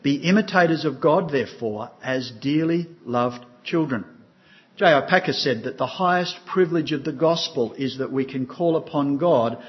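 Older male pastor, earnest sermon voice, mid pitch, muffled lo-fi sound. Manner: earnest, asks the congregation questions.

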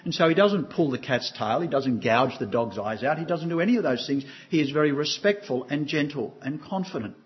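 Older pastor preaching a sermon. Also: male voice, on the high side, expressive, a little fast, hardly any pauses, dull audio. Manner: earnest, asks the congregation questions.

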